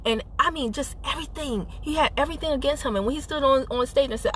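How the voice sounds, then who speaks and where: Woman, sassy and emphatic, bright voice, slightly high, live-streamed pep talk from a car. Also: fast, slight background noise. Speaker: network marketing team leader. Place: in a car while driving. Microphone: phone.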